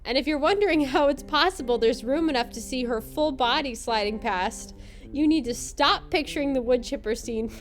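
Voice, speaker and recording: A woman's voice: high-pitched, faint music behind. A woman hosting a podcast, narrating a scripted comedic recap in a wry, sarcastic way. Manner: wry, sarcastic, quick to laugh. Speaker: podcast host.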